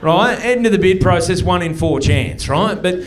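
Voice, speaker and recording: A man's voice: sits high, lively intonation, moderate pace, slight background noise. An Australian man doing a stand-up set in a comedy club, brash and conversational, swearing freely. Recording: live audience laughter.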